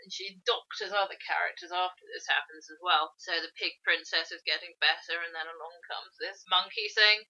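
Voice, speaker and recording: Bright-voiced woman chatting. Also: lowish voice, a little fast, hardly any pauses. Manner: animated, acts out quoted lines. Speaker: podcast co-host. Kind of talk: casual chat about old TV. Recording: slightly muffled podcast audio.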